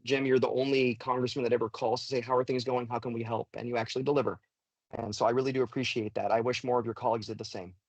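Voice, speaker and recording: A male council member speaks quickly and directly on a panel discussion. The sound is dry and close. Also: medium pitch, little pitch movement, no echo, low-quality recording.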